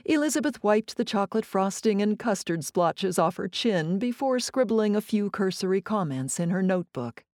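A woman narrating an audiobook in a playful, savoring manner, with teasing pauses, on a close studio mic. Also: mid-range voice, lively intonation, darkish tone, dry recording.

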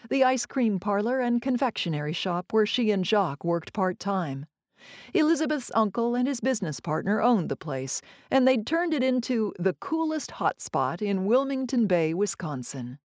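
A woman's voice: medium pitch, a little mellow, no echo. Dry, close woman narrator with playful pacing. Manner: playful, savoring, teasing pauses. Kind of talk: scripted audiobook narration.

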